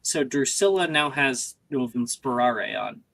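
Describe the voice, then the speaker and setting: A man narrating as game master of a tabletop game in a relaxed, chatty way with many fillers. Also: mid-range voice, measured pace, vocal fry, no echo, low-quality recording.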